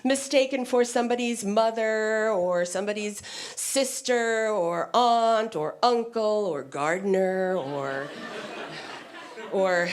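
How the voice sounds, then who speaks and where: A woman comedian telling stories on stage in an animated stand-up delivery. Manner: animated storytelling with wide pitch swings.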